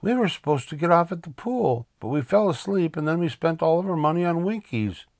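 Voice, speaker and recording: Casting: older man as an earnest, worried young boy aardvark, raised high. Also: lively intonation, fairly quick, darkish tone, no room sound, clean studio sound.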